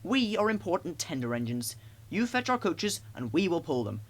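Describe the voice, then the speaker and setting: A man's voice: high voice, big pitch swings, normal speed, voice pushed up. A man doing a haughty, rude big engine.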